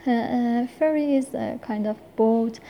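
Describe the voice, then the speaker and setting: A woman's voice: on the high side, a little slow, gravelly, mellow, a little hiss or hum. A woman speaking English as a second language, giving a hesitant, unscripted talk full of filler sounds and restarts. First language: not English. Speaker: forum member presenting a talk. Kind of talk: slow unscripted monologue.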